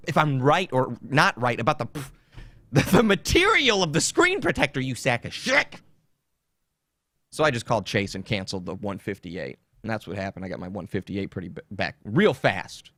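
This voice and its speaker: Animated, swearing man on a podcast. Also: mid-range voice, normal speed, no echo. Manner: animated and indignant, swears freely. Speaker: podcast host. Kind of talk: casual comedic storytelling.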